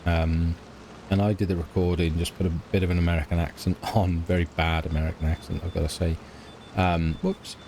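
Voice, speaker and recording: Speaking fairly quickly in a deep, darkish voice with little pitch movement, a middle-aged British gamer rambles through a farming game let's play. He's hesitant, trails off often, and mocks himself, with a faint hiss or hum in the background.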